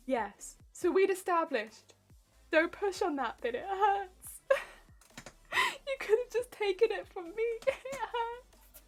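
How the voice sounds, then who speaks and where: A woman streamer chatting casually with her viewers, telling animated stories and laughing often. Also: very high voice, slow, pauses often, faint music behind. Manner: reads and answers viewer chat. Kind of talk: casual live-stream chat.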